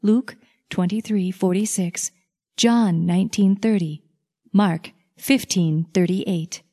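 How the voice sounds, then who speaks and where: A woman reading Bible passages aloud in a measured, deliberate scripted reading. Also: mid-range voice, dark tone. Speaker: scripture reader.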